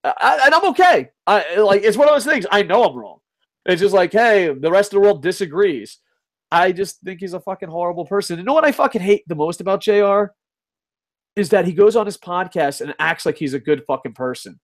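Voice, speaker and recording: A man's voice: sits high, lively intonation, brisk. A man hosting a casual live stream, reading chat, swearing and ranting, laughing often. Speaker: host.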